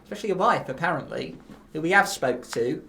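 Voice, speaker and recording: A woman's voice: sits low, lively intonation, brisk, creaky, a bit bright, a little hiss or hum. A woman hosting a comedic dating game in a bubbly, gushing way. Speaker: host.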